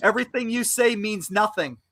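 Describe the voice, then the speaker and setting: Man, heated livestream argument, insulting, bright tense tone, dry close sound. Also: sits high, a little fast, no room sound. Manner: aggressive, insulting, loud bursts. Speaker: livestream debate panelist.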